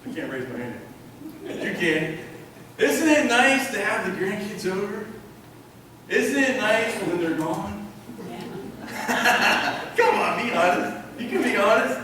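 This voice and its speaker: A man's voice: high voice, animated, normal speed, bright, forceful tone, slight background noise. A male pastor preaching a sermon, emphatic and repeating key phrases while asking the congregation questions. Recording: echoey hall from far off.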